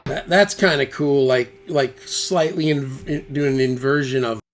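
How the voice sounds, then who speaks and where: A man chatting through a studio gear demo, thinking aloud in loose half-finished phrases at an ordinary, mid-range pitch. Loud electric guitar playback sits behind his voice throughout. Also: measured pace. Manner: thinking aloud, trailing off between tweaks. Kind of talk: casual studio demo talk.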